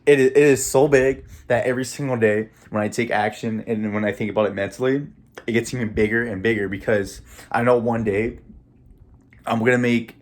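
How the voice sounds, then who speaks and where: A young vlogger talks straight to camera about his dreams in a casual motivational monologue. His medium-pitched voice is steady and fairly quick as he rambles, repeats words, laughs, and gets choked up with emotion.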